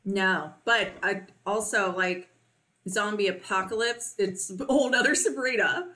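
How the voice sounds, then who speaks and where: Chatty female co-host, 30s, bright, forward voice, asks the questions. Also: mid-range voice, unhurried. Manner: chatty, steers topics with questions. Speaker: podcast co-host. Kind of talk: casual chat.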